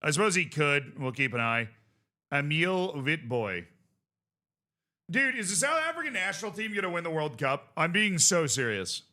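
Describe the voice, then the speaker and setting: A man streaming a football management game, calling the match play-by-play and shouting in excitement. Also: a little high, normal speed. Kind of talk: live gameplay commentary.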